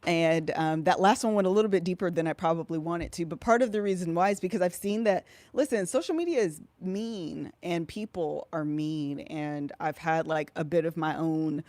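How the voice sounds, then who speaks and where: A woman's voice: on the low side, moderate pace, hardly any pauses, a little mellow, dry recording. Chatty woman podcast co-host. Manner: chatty, loose and informal. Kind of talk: casual live-stream chat.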